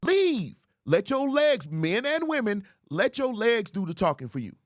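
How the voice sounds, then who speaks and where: A man hosting a commentary show on viral clips, animated and mocking, laughing often and jumping into high squeals to ridicule. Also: a little slow, dry recording, clean studio sound. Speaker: host.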